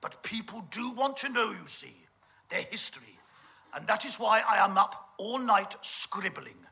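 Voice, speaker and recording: A man's voice: high voice, expressive, a little slow, gravelly, bright, forceful tone. A man with a British accent doing a camp, gossipy stage comedy monologue full of innuendo. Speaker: comic performer.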